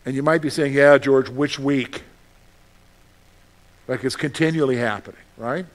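A male pastor preaching a sermon, animated, with frequent rhetorical questions to his listeners. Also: mid-range voice, unhurried.

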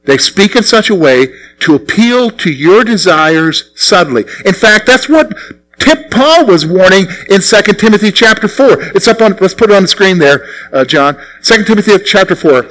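A middle-aged man preaching a sermon as pastor, asking the congregation questions and answering them himself, with sudden drops to quiet asides. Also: expressive, moderate pace, a little hiss or hum, low-quality recording. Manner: swings between raised, punchy lines and low, quiet asides.

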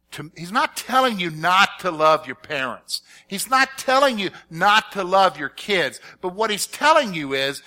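Middle-aged guy preaching, high bright voice, keeps asking the crowd if they get it. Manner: animated, conversational preaching with direct questions to the congregation. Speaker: pastor. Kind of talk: sermon.

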